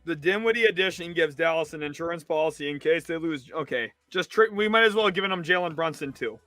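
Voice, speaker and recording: A young man rants in exasperation on a live sports stream, his voice pitched high and bright with a tense edge. He jumps from loud outbursts to low mutters. The sound is dry and close, with faint music underneath. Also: fast, no room sound. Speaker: sports livestream host. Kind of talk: live reaction commentary.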